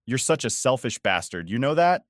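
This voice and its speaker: A man's voice: medium pitch, sing-song, moderate pace, dry recording, studio quality, voice pushed up, lightly acted. A man voicing a scheming, manipulative middle-aged ex-wife who speaks with scorn and accusation in a first-person story narration. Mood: scornful.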